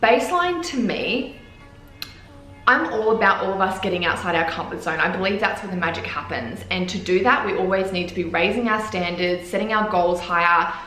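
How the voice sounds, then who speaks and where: Excitable woman vlogger, mid pitch, slightly echoey room. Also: brisk, faint music behind. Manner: gushing, excitable. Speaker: fitness clothing brand founder. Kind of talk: casual vlog talk to camera.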